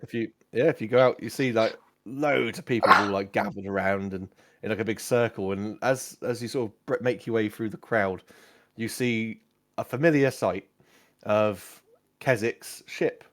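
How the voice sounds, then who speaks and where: A man's voice: on the low side, moderate pace, slight background noise. A man narrating a tabletop game as game master, casual and full of fillers.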